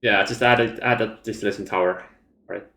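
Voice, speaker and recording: A man's voice: lowish voice, fairly even intonation, brisk, gravelly, fairly bright tone. A man in casual voice chat while gaming, talking in a matter-of-fact, practical way. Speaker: game player. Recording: echoey room mic.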